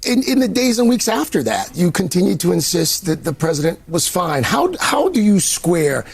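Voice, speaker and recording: A man's voice: high voice, very animated, moderate pace, gravelly, slight background noise. A man interviewing a guest for television, asking probing questions and repeating words as he starts.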